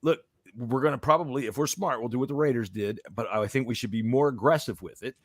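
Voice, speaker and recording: A man's voice: mid-range voice, fast, no echo, studio quality. A man hosting a casual sports podcast, talking in a profane, fired-up way. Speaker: podcast host.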